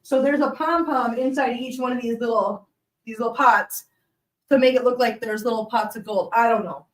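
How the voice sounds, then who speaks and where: A woman hosting a casual live stream, chatty and quick to laugh, often talking to her cats. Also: a little high, distant mic.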